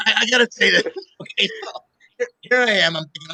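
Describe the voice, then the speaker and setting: Middle-aged male host, bright high voice; lively storyteller who laughs a lot. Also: quick pace, poor audio. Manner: animated storyteller, laughs often. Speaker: show host. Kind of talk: casual radio-style chat.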